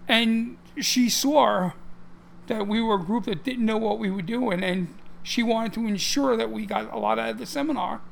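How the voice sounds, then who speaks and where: Gravelly high-voiced man chatting on a podcast. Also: normal speed. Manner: rambling, frequent restarts and fillers. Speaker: podcast co-host. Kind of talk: casual podcast chat.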